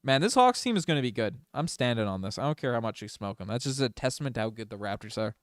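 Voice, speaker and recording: A man giving casual, partisan play-by-play on a fan livestream, moving from low mutters to loud excited shouts. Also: quick pace, no echo, studio quality. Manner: excitable, swings from mumbling to shouting. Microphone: desk microphone.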